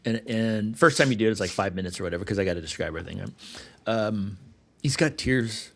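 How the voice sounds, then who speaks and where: A middle-aged man with a low voice hosts a casual podcast chat. He tells his stories with big swings, bursting loud and then dropping to a hushed murmur. He curses casually. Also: expressive, fast talker. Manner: swears casually. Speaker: podcast host. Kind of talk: casual conversation, storytelling.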